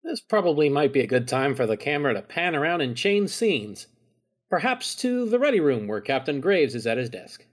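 A man in a casual tabletop game, speaking in a brisk, matter-of-fact way. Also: on the high side, sing-song. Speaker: player.

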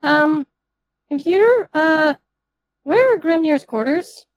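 A man voicing a gentle, fussing female starship officer in a tabletop role-play, hesitant and motherly. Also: very high voice, lively intonation, slow, no echo, pitched above the performer's own voice, full character voice, rough recording. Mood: soothing.

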